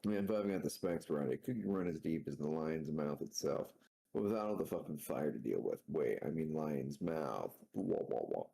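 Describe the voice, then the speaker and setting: A man puts on a crude, laid-back young male adventurer whose voice sits low and rough. He rambles along with lots of swearing and a lively, drawling rise and fall in a comic read-aloud. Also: moderate pace, heavily acted. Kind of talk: comic reading with character voices.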